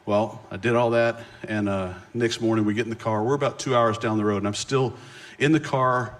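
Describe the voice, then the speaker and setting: A middle-aged man, a guest speaker, telling a personal story in a sermon with animated, self-mocking delivery and quick restarts. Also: on the low side.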